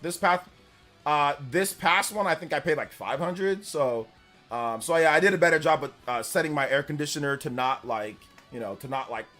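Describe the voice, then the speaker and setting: A man in his forties from Central California, chatting casually on a live stream in a rambling, filler-heavy way. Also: a little high. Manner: loud, laughing retelling of stories. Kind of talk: casual live-stream chat, reading donations.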